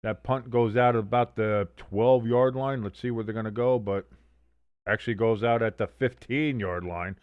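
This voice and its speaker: A man's voice: lowish voice, fairly even intonation, moderate pace, clean tone, no room sound, narrow, tinny audio. A man hosting a casual sports watch-along stream, doing joking, profane play-by-play and banter. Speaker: livestream host doing play-by-play.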